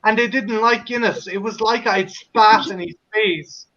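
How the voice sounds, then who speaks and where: Irish man host, high bright voice, foul-mouthed ranter, casual podcast chat. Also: fairly even intonation, measured pace. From Ireland. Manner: profane, ranting storyteller. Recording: slightly muffled audio.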